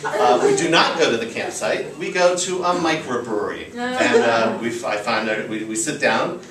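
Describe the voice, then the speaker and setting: A man's voice: medium pitch, animated, normal speed, a bit bright. An American man in his thirties tells a personal story to a live audience in a loose, chatty way, full of fillers. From United States. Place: live storytelling show venue. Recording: roomy live venue, distant mic.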